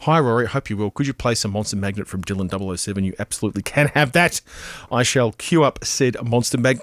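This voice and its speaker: A man's voice: mid-range voice, quick pace, dry recording, studio quality. A man hosting a community radio show in a chatty, rambling, playful way. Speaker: radio host. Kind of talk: casual radio chat.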